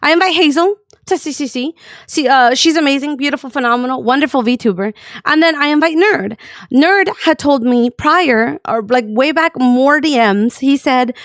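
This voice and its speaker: A woman telling an animated storytime rant to her community, acting out people in mocking voices and swearing freely. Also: sits high, moderate pace, dry recording, clean studio sound. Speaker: streamer and community owner.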